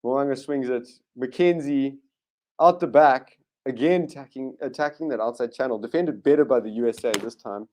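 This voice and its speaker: A man hosting a live rugby watchalong, giving excitable play-by-play commentary with sudden bursts of enthusiasm and frequent restarts. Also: mid-range voice, normal speed, slight background noise. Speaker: watchalong host.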